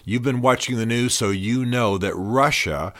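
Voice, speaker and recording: In a dry recording, a medium-pitched man from the United States comments on current events on his own podcast. He talks at normal speed with a fairly bright tone, blunt and opinionated, using conversational fillers.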